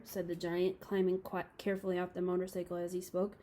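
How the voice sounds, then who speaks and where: A woman reading a children's novel aloud to a class, calm and steady with small slips. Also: on the low side, fast, few pauses, low-quality recording.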